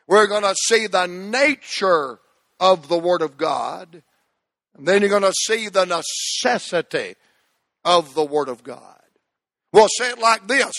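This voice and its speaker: A man's voice: sits high, no echo, clean studio sound. A man pastor, preaching a sermon and calling the congregation to repeat words after him. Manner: call-and-response preaching, rising to shouts.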